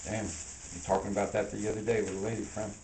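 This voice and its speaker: A man's voice: lowish voice, flat delivery, quick pace, a little mellow, far from the mic. A man talking casually to camera in a rambling, slangy way, often laughing. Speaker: vlogger. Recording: echoey room with faint ambient noise.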